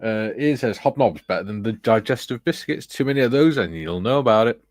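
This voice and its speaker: A man's voice: lowish voice, animated, brisk, no room sound. A man hosting a casual livestream, reading viewer comments aloud with a chuckle. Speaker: livestream host reading chat. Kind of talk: casual chat.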